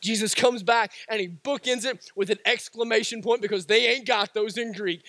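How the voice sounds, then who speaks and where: A pastor preaching a sermon, a man who repeats his lines for emphasis and rises to shouts. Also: high voice, moderate pace, few pauses, no room sound.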